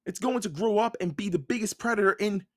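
A man voicing a cautious, worried young boy in a storybook read-aloud, in a high anxious boyish voice. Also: fast, no echo, studio quality.

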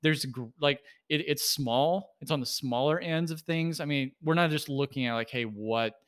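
A male podcast co-host in easygoing conversation. His voice is bright and clean, and he rambles through his thoughts with plenty of filler words and laughter. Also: a little high, moderate pace. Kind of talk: casual chat.

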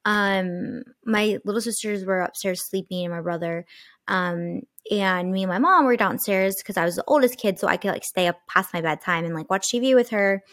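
A woman's voice: medium pitch, normal speed, a bit bright, no room sound. A young woman recounts a spooky childhood memory in a loose, chatty way, peppered with fillers and the odd swear word. Her voice sits in an ordinary middle range and sounds close and dry, with no room around it. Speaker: guest telling a ghost story. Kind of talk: casual storytelling.

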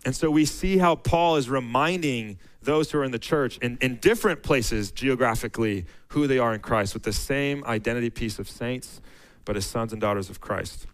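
A man's voice: mid-range voice, moderate pace, poor audio. A man preaching a sermon to his church, casual and conversational, often restarting phrases and reading scripture aloud with rising emphasis.

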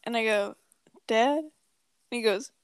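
A young woman with a high voice tells a rambling story in a loose, profane, joking chat. The sound is dry and close, with no room around it. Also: measured pace, clear, resonant tone, no room sound. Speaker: podcast co-host. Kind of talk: casual chat.

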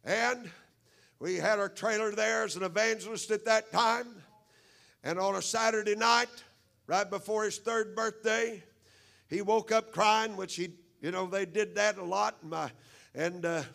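A man's voice: high voice, vocal fry, a bit bright. A middle-aged man preaching a sermon, fervent and peppering his lines with amens. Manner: fervent, punctuated with frequent amens. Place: church service.

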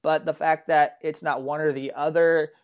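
A man from the United States co-hosts a casual political discussion, talking earnestly and rambling with frequent restarts. His voice is a little high and smooth, with a level tone at normal speed. He's a political commentary co-host.

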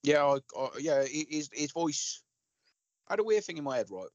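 A man's voice: on the high side, normal speed, no echo, muffled recording. A man co-hosting a casual film chat, blunt and sweary, telling stories with gusto. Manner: blunt, sweary, animated storytelling. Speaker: podcast co-host.

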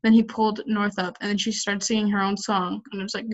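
A woman's voice: medium pitch, level tone, quick pace. A young woman co-hosting a podcast in casual chat, giggly and teasing. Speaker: podcast co-host. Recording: dull lo-fi sound.

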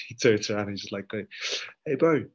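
A man with a New Zealand accent, a rugby player and podcast guest telling stories in a relaxed, slangy way that acts out the dialogue. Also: lowish voice, brisk. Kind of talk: casual storytelling. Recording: dull lo-fi sound.

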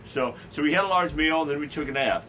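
A man's voice: a little high, quick pace, pushed and bright, slight background noise, rough recording. A man hosting a casual talk show, rambling with lots of stammered restarts and fillers. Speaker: podcast host. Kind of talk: casual chat.

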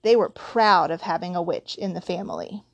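A woman voicing a shrill, bitter aunt who rants loudly about her family in a storybook reading. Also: expressive, moderate pace, gravelly, dry recording. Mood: ranting. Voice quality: shrill, loud. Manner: ranting.

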